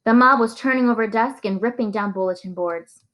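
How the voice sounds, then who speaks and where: A woman reading a novel aloud in a steady storytelling manner. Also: a little high, brisk, poor audio. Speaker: reader.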